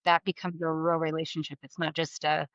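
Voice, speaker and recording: A middle-aged woman with a fairly low voice, talking as a guest on an interview podcast. She tells lively stories, jumps into the voices of the people she quotes, and laughs as she goes. The sound is dry and slightly dull. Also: a little fast, no room sound. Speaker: guest, mortgage business leader. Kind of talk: candid storytelling interview.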